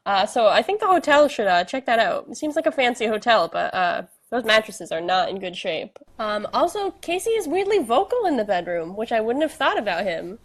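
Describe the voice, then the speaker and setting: A woman's voice: on the high side, very animated, a little fast, few pauses. A woman co-hosting a podcast, recapping an episode in casual chat, teasing and laughing often. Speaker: podcast co-host.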